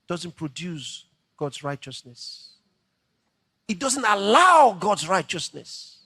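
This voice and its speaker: A male preacher delivers a sermon with a bright, forceful voice. His pitch swings widely and dramatically as he preaches, sitting high for a man. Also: lively intonation, slow pace, no echo.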